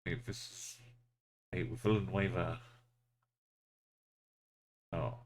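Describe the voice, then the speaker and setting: A man's voice: deep voice, fairly even intonation, extremely slow. A man live-streaming, muttering directions to himself as he plays and chatting casually with his viewers. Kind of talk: live stream chat while playing.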